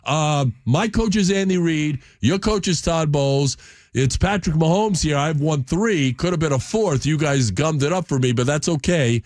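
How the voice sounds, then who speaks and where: Radio guy doing a cocky star quarterback on the phone, bragging, kinda higher than usual, dry sound. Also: normal speed, a little mellow, no echo, natural voice. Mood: boastful. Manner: boastful, persuasive. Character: cocky star quarterback man phoning to recruit.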